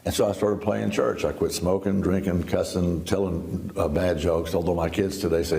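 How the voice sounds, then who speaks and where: A man's voice: low voice, steady tone, moderate pace, vocal fry, few pauses, mellow, a little hiss or hum. A man in his seventies, a guest in an interview, telling his life story in a folksy, laughing, storytelling way. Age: 70s. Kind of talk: storytelling testimony.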